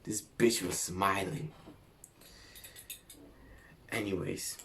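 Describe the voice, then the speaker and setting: A young man from Greece telling a story to camera in a casual vlog, animated and full of swearing and slang. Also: deep voice, very slow, gravelly, a little hiss or hum. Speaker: vlogger.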